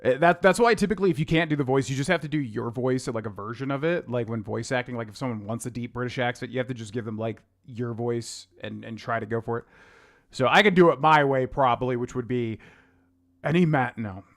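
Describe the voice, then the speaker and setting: A man's voice: medium pitch, a little fast. A young man giving casual, rambling gameplay commentary as a streamer, humming and scatting to himself between thoughts. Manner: chatty, rambling, hums and scats to himself. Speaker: game streamer. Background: game music.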